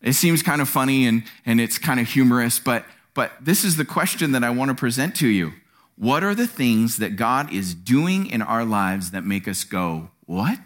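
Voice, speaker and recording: A man preaching a sermon in a church, animated and acting out quotes. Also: moderate pace. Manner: animated, acts out quotes with sudden pitch jumps. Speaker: pastor.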